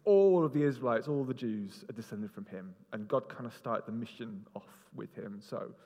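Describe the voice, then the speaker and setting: In a large hall with long reverb, a man with a mid-range voice speaks at a moderate pace. He is preaching an interactive sermon, lively and jokey, bantering with volunteers and directing them around the stage.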